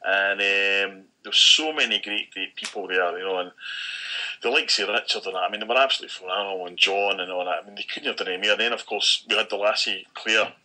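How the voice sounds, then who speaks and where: A Scottish man co-hosting a podcast, casually recounting an event with lively acted-out quotes and frequent swearing. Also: fairly low pitch, fast talker, a little hiss or hum, rough recording. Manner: animated storyteller acting out quoted dialogue, frequent swearing. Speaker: podcast co-host. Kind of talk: casual chat, storytelling.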